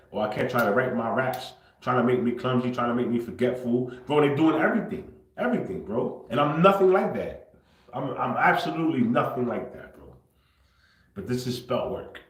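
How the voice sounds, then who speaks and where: A man on a livestream delivers a confrontational, repetitive rant at medium pitch. He drops to a mutter, then bursts out loud. The room adds a clear echo. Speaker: livestream host.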